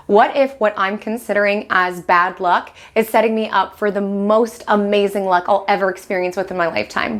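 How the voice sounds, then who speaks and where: A woman hosting a weekly astrology forecast, telling an animated story and acting out the listener's inner voice in quick quoted asides. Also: mid-range voice. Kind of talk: casual astrology forecast monologue.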